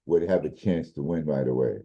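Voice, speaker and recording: A man co-hosting a sports podcast, casually breaking down football games in a measured way, restarting his sentences as he thinks. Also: extremely low pitch, warm tone, breathy edge. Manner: measured, explains with repeated restarts. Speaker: podcast co-host, football analyst. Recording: dull lo-fi audio.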